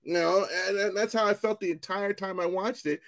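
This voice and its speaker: A man co-hosting a podcast in casual chat, animated and profane, rambling with restarts. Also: high-pitched, brisk. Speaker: podcast co-host.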